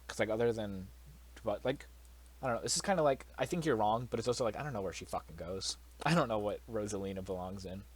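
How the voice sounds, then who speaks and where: Animated young man, blunt and sweary. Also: lowish voice, fast talker, husky. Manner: blunt, swears freely, animated incredulous outbursts. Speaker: commentator. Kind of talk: casual solo commentary.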